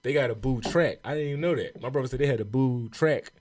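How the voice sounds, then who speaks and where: Young Baltimore comedian, Baltimore accent, rapid profane storyteller with a mid-range voice. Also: male voice, medium pitch, a crowd in the background. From Baltimore, USA. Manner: profane, animated storytelling with acted-out quotes. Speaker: comedian guest. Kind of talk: casual podcast storytelling.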